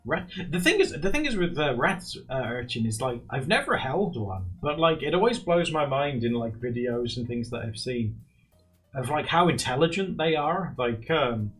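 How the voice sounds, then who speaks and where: A young man streaming live, chatting casually and rambling while he draws, often laughing and jumping into high squeaky bursts. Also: big pitch swings, normal speed, fairly bright tone, soft background music. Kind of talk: casual chat while drawing on a livestream.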